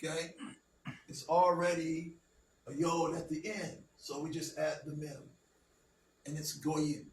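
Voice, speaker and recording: A man's voice: on the high side, level tone, measured pace, pauses often. A man teaching a class, talking patiently and checking understanding with frequent "okay?". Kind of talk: classroom language lesson. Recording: roomy, distant, faint background noise.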